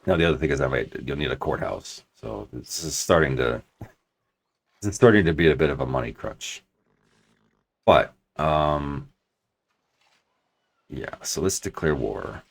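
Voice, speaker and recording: A man's voice: very deep voice, lively intonation, unhurried, vocal fry, long pauses, slightly rough. A man commenting on his strategy game as he plays, thinking aloud and talking his plans through at length. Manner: thinking aloud, restarts and hedges while planning. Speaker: let's play commentator.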